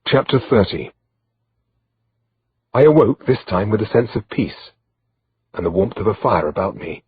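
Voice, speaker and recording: A man narrating an audiobook in first person with a measured, steady delivery, in a slightly dull lo-fi recording. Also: on the low side, slight background noise.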